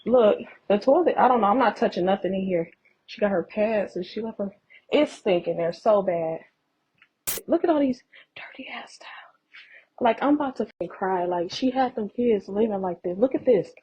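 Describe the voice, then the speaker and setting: A woman's voice: mid-range voice, fairly quick, lo-fi sound, a little hiss or hum. Shocked, cursing woman touring a house. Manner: shocked, profane, partly whispered, talking to viewers. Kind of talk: narrated home walk-through video. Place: inside a house.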